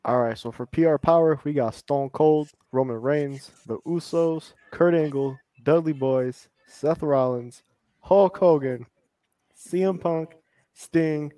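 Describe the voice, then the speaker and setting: A man on a group podcast reads a list in a steady, matter-of-fact way. His voice is mellow and dark in tone, sitting a little high. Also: slow pace. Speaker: podcast co-host.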